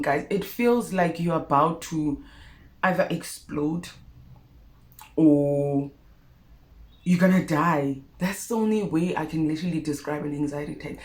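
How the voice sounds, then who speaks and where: A young South African woman telling a personal story to her viewers in a vlog, expressive and animated. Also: fairly low pitch. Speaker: YouTuber. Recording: roomy echo.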